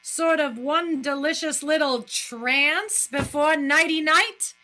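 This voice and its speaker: A woman's voice: sits high, slow, bright, forceful tone, voice pushed up, exaggerated voice. A woman voicing a charming, self-absorbed man who coaxes and insists, in her own register. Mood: coaxing.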